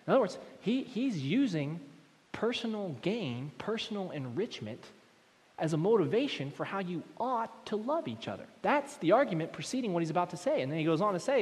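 A man preaching a sermon to a congregation, moving between loud emphatic points and quiet, low asides. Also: very animated, brisk. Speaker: pastor. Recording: long hall reverb.

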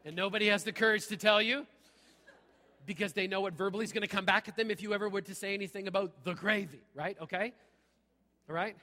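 A man's voice: high voice, steady tone, fast, sharp tone. A middle-aged male pastor preaching a sermon, punchy and conversational, checking in with "okay?" again and again. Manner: punchy, repeats "okay?" often. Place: church sanctuary. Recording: long hall reverb.

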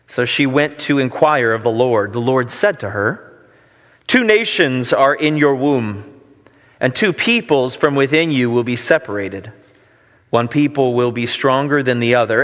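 The pastor's voice is medium-pitched and fairly bright, and he takes his time. Between scripture readings he tells casual stories at his own expense, all in a conversational tone, with a long hall reverb around him.

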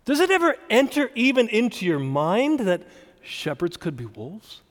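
A man's voice: high-pitched, big pitch swings, normal speed, in a large hall. A man preaching a sermon as pastor, explaining a text and stressing single words with emphasis.

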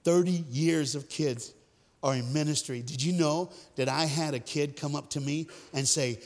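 A man's voice: a little high, normal speed. A man giving a storytelling sermon as a guest speaker, joking and talking straight to the crowd. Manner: lively, joking, direct addresses to the crowd. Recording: echoey hall.

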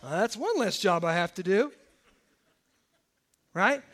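A man preaching a sermon in a lively, conversational way, acting out the quotes. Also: high-pitched, takes it slowly. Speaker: pastor.

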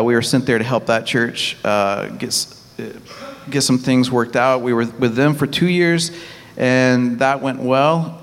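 Speaking at medium pitch in a Texan accent, this missionary pastor describes his church work in a halting manner, full of restarts and easy laughter. The sound carries a long hall reverb.

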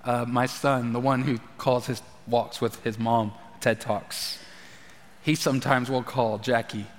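A man, preaching a conversational sermon as a pastor, sometimes sinking to a hushed, intense delivery. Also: medium pitch, little pitch movement, a little slow. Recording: long hall reverb.

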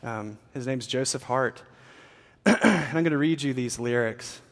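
A man gives an earnest, conversational sermon as a pastor, with frequent "uh"s and restarts. His voice sits at a middle pitch. A long reverb rings through the church hall. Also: measured pace, fairly bright tone.

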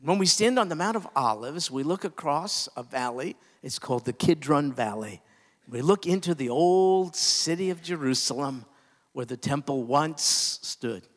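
A man preaching a sermon, impassioned, climbing to emphatic peaks and then dropping low and quiet. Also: expressive, normal speed, big-room sound. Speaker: pastor.

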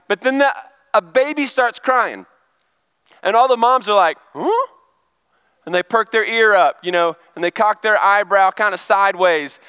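A man's voice: high-pitched, sharp tone, clean tone, dry recording. A middle-aged male pastor giving a chatty, conversational sermon and asking the congregation questions. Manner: chatty, asks the crowd questions.

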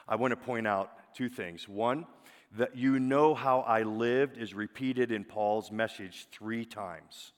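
A man preaching a sermon as pastor, emphatic, often dropping to a soft, drawn-out single word for weight. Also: mid-range voice. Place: church sanctuary. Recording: long hall reverb.

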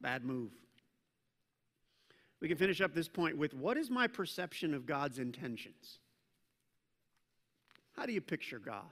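A man preaching a sermon as pastor, swinging from loud emphatic peaks down to low, quiet stretches. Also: very animated, unhurried, long pauses. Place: church sanctuary. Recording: long hall reverb.

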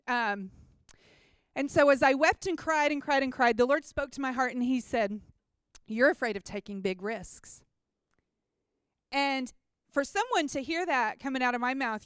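A woman's voice: a little high, clear, resonant tone, no echo. A woman sharing a personal faith testimony about a mission trip, talking casually and earnestly with many "like"s and restarts. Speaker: mission trip team member.

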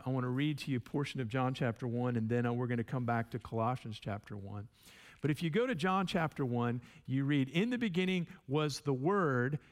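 A man teaching a sermon in a conversational way, often repeating words and checking in with his listeners. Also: a little high. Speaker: pastor.

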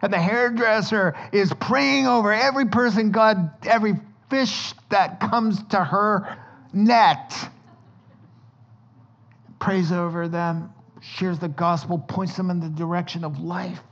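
A man preaching a sermon as pastor, telling stories with lively energy and acting out sounds and dialogue. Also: sits high, takes it slowly, creaky, muffled recording.

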